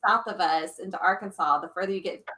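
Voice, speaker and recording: A woman's voice: on the low side, quick pace, pushed and bright. A woman co-hosting a casual live stream, reading viewer comments and giggling often. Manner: chatty, giggly.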